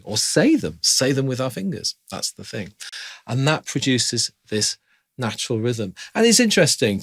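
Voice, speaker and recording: A man's voice: lowish voice, a bit bright, no room sound. A man teaching piano in a chatty, informal way, stopping to sing rhythm syllables aloud as he explains. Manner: chatty, scat-sings rhythms while explaining. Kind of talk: informal music lesson.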